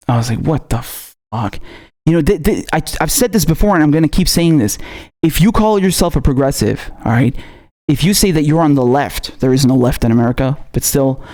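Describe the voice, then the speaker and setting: A man's voice: medium pitch, a little mellow. A man angrily ranting as a political commentator, swearing constantly and mocking his targets. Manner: profane, furious ranting with sarcastic mock quotes. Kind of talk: angry political rant.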